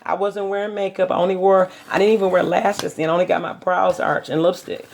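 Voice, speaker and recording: A woman's voice: fairly low pitch, level tone, fairly quick, creaky, a little mellow, a little hiss or hum. A middle-aged woman vlogging from her home kitchen, telling rambling stories in a chatty, casual way. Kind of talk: casual chat.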